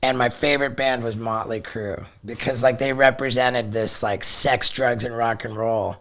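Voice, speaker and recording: A middle-aged man with a bright, forceful voice tells a story in a loose, excitable way. He swears freely and stumbles over repeated words as he rushes ahead, and his pitch sits right in the middle. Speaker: podcast guest. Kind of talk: casual storytelling.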